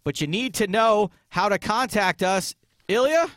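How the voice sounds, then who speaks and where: A man's voice: sits high, a bit bright, dry recording. A male radio host bantering in a casual, upbeat, joking way. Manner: upbeat, joking, quick-talking.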